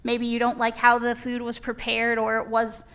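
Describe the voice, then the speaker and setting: A woman preaching a conversational sermon, folksy and animated, acting out little dialogues as she talks. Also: fairly high pitch, moderate pace, smooth.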